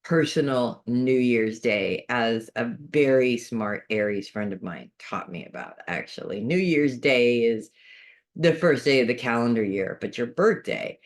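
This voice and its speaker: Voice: mid-range voice, expressive, unhurried. A chatty astrologer reading a weekly horoscope. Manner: chatty, thinks aloud, restarts phrases; earnest, advice-giving. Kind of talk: casual unscripted horoscope monologue.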